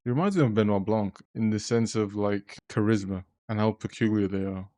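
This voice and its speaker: A man's voice: lowish voice, fairly quick, dark tone. A young man chatting and joking as he reacts to a film, swearing freely. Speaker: reaction video host. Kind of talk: casual reaction commentary.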